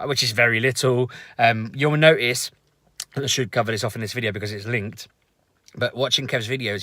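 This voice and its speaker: Chatty bright-voiced man vlogging. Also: fairly low pitch, no room sound. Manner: rambling, chatty, animated storytelling. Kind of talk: casual chat to camera.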